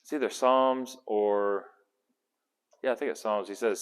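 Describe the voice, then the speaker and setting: A man's voice: fairly low pitch, fairly even intonation, unhurried, long pauses, smooth. A man teaching a casual Bible study in a conversational, rambling way, often correcting himself mid-sentence. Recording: long hall reverb.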